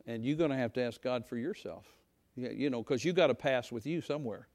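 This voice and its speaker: A man's voice: medium pitch, fairly quick, dry recording. Folksy preaching man, dry close sound. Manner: folksy preaching, talks to the congregation, rising to shouts. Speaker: pastor. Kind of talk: sermon.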